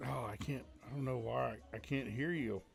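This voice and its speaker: A man's voice: mid-range voice, normal speed, gravelly, soft background music. A man hosting a live online show, chatting casually while sorting out audio trouble. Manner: chatty, fumbling with audio setup. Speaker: livestream host.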